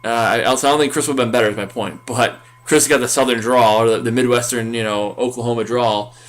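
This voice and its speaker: A man's voice: medium pitch, steady tone, quick pace. A man co-hosting a casual recap podcast, rambling with many fillers and restarts. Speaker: podcast co-host.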